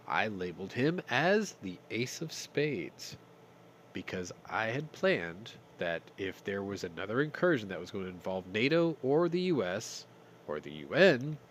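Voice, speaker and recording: Host, male, low lively voice, congested, wry profane news commentary, faint background noise. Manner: sarcastic, swears, reads news then jokes. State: stuffy from sinuses. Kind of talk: casual news roundup with commentary.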